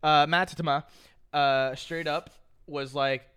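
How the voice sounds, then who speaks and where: A man's voice: a little high, fairly even intonation, unhurried, fairly bright tone, clean tone. A young man hosting a podcast, chatting casually with loose, profane, joking banter. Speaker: podcast host. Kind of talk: casual reaction chat.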